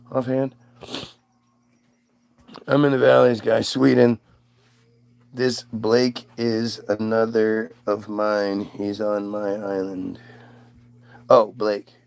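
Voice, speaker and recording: A man's voice: mid-range voice, creaky, a little mellow, clean tone. A man from the United States hosting a casual livestream, reading chat aloud in a rambling, profane, self-mocking way.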